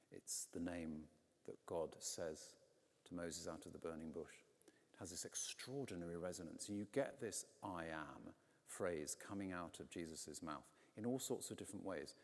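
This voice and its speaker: A man, a vicar, preaching a conversational sermon from a pulpit, telling the story with lively quoted voices. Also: low-pitched, normal speed. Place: large stone church, in a pulpit. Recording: long church reverb.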